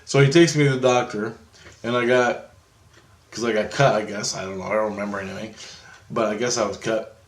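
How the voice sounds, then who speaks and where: A man with a voice on the low side tells a long, rambling story for his vlog, cursing frequently and fixing his own mistakes as he goes. He talks briskly but leaves long pauses, and the audio is reverberant.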